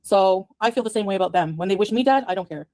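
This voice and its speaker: A woman's voice: mid-range voice, expressive, fast talker, dark tone. A woman in a played clip delivering an angry, profane rant to the camera, scornful and cursing at her critics.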